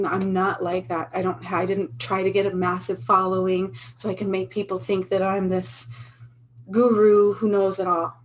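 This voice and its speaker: A woman's voice: medium pitch, slight background noise, rough recording. Earnest woman vlogging. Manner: earnest, emphatic, repeats herself. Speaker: spiritual vlogger. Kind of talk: casual talk to camera.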